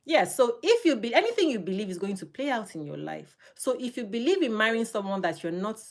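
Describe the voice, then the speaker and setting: A middle-aged woman speaking as an interview guest, talking emphatically and laughing often, with her voice jumping high when she gets animated. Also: brisk. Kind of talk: emphatic casual interview talk.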